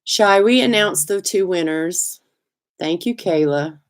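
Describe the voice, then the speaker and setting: A middle-aged woman with a Southern US accent hosting a casual live chat, talkative and quick to laugh, greeting viewers by name. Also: on the low side. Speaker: livestream host.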